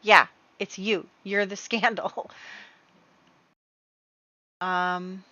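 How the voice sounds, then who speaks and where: A woman's voice: mid-range voice, fairly even intonation, extremely slow, bright, forceful tone, no room sound. A woman giving casual, chatty, rambling commentary over her game play. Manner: chatty, rambling, many fillers. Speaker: gaming video creator. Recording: dull lo-fi dry recording.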